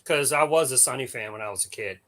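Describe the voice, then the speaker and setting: A man's voice: medium pitch, fast, crowd noise. A man co-hosting a casual chat show, telling stories with slang and laughing often. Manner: animated storyteller, laughs often; coarse slang. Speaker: podcast co-host.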